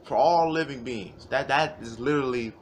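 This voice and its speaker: A man's voice: mid-range voice, normal speed, slight background noise. A man giving a heated, profane rant to camera, sarcastic and fired up. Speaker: vlogger.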